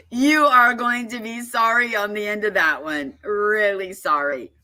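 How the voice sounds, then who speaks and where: A woman explains at an unhurried pace, leaning hard on her points. Her voice is bright and forward. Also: medium pitch. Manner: emphatic storyteller, laughs often. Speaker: guest speaker on foreclosure fraud. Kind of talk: casual explanatory talk.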